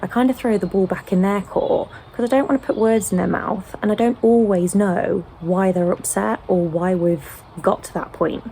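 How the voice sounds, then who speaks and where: A British mother in a casual sit-down chat, explaining gently with frequent ums. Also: mid-range voice, steady tone, moderate pace, hardly any pauses, slight background noise, poor audio. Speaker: home-educating mother.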